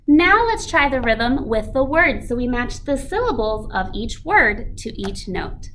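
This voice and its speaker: A woman teaching an elementary music lesson, reading a picture book aloud with animated expression. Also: fairly high pitch, moderate pace, background noise.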